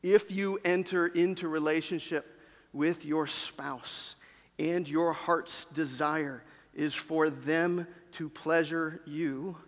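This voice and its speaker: Gravelly high-voiced preacher in reverberant church. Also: male voice, fairly even intonation, slow pace. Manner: conversational, engages the congregation directly. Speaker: pastor. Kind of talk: sermon. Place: church sanctuary. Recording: long reverb of a large church hall.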